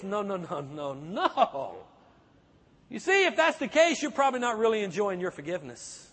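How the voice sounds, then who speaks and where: A man's voice: very high-pitched, huge pitch swings, normal speed, fairly bright tone, husky. A man preaching a sermon, pressing the congregation with emphatic rhetorical questions. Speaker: pastor. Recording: echoey hall, long reverb.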